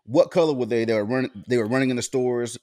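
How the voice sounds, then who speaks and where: A man's voice: mid-range voice, fast talker, a little mellow. A man co-hosting a comedy podcast, asking curious questions and joking in casual chat. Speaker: podcast co-host.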